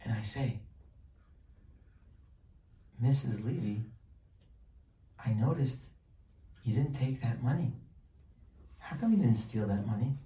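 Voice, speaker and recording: A rabbi teaching a weekly Torah class speaks slowly at a medium pitch, leaving long pauses. He animatedly acts out both sides of imagined conversations, his energy rising. The roomy, echoing sound places him at a distance from the microphone.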